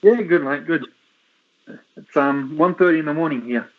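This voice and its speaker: A man calling into a fan show, relaxed and reflective, speaking with feeling. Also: on the high side, moderate pace. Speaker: caller. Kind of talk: casual call-in chat. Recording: lo-fi online call audio.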